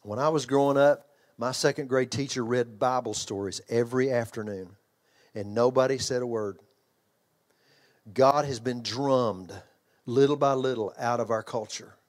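Here a pastor who trains children's ministry leaders delivers a sermon at normal speed in a mid-range voice. The older man sounds emphatic and conversational, repeating himself, starting lines over, and asking the congregation questions.

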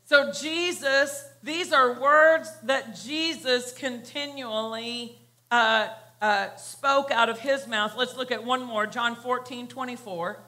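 A woman pastor preaching a sermon, slow and emphatic, repeating key phrases for weight. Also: a little high, steady tone, pushed and bright.

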